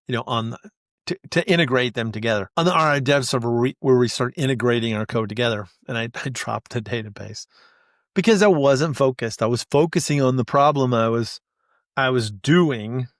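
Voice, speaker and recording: A man's voice: mid-range voice, no echo, studio quality. A man hosting a podcast as a casual monologue, rambling and self-deprecating, with frequent restarts and light laughs. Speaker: podcast host.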